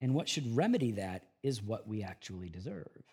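A middle-aged man preaching a sermon as pastor of a church, shifting from hushed, earnest tones to loud, emphatic bursts. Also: lowish voice, very animated, a little fast, breathy edge.

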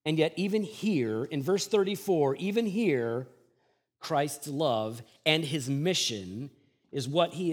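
A male pastor preaching a sermon, moving from hushed, quiet passages to loud, emphatic ones and acting out mocking voices from the scripture he reads. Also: medium pitch. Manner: acts out mocking voices while reading scripture.

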